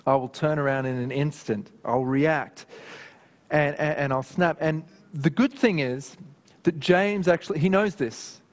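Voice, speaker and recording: Pastor preaching in an echoing hall. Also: male voice, on the high side, unhurried. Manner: conversational, animated, with personal anecdotes. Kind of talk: sermon. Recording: long hall reverb.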